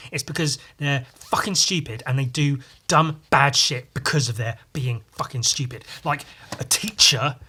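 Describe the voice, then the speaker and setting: A man's voice: mid-range voice, sharp tone, slight background noise. A man hosting a podcast, talking in a casual, rambling monologue that is full of swearing and asides. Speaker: podcast host.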